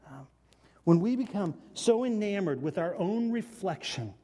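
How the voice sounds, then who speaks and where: A man preaching a conversational sermon, halting at times with restarts and sighs. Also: sits high, expressive, dark tone, in a large hall. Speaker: pastor.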